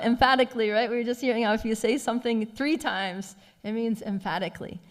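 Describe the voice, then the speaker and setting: Lady teaching a temple scripture class, lively storytelling, laughs a lot, mid pitch. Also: brisk, long reverb tail. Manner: animated retelling, laughs often. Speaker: class speaker.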